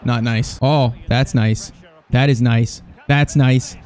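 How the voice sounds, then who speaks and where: A young man commentating over his own football video game, excitable and jokey, swinging between hype and mock despair. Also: mid-range voice, takes it slowly. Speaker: gaming YouTuber.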